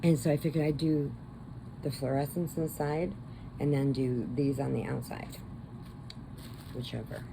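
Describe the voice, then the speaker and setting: A woman's voice: extremely low pitch, fairly even intonation, measured pace, vocal fry, long pauses, noisy background. A woman crochet vlogger chatting casually and rambling as she retells a movie plot. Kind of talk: casual chat.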